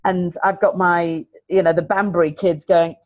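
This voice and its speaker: A middle-aged woman, a teacher, talking earnestly in an interview and telling stories with lively, repeated emphasis. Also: fairly low pitch, normal speed, dry recording. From England. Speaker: teacher and guest. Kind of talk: conversational interview.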